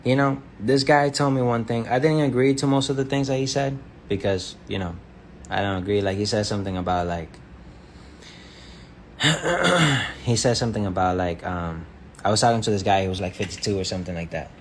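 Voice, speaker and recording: A man with a very low voice, talking loosely and slangily to viewers on a livestream. His talk drifts along with plenty of fillers, and a faint hiss of noise sits under it. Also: brisk. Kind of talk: casual livestream chat.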